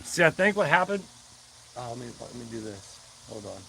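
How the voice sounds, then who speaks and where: A man's voice: medium pitch, very animated, a little fast, vocal fry, bright, forceful tone, a little hiss or hum, poor audio. Chatty man hosting a live stream. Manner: greets viewers by name, rambling and friendly. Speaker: livestream host. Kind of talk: casual live chat.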